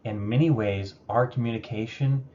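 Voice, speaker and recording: A man teaching a lesson in a relaxed, conversational way, with some fillers. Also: mid-range voice, normal speed. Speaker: instructor. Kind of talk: recorded lecture. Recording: dull lo-fi recording with faint noise.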